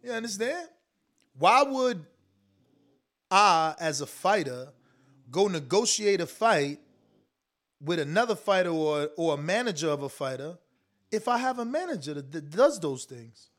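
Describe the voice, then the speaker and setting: High-pitched guy w/ ranting to his stream, slangy, emphatic. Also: unhurried, long pauses. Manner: animated, slangy, emphatic, talks straight to the audience. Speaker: boxing commentary show host. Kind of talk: casual livestream talk reading super chats.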